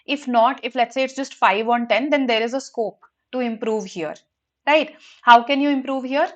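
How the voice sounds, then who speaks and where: A woman teaching an online grammar lesson, explaining lively and checking in with rhetorical questions. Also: fairly high pitch, normal speed, highs cut off. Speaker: exam prep teacher.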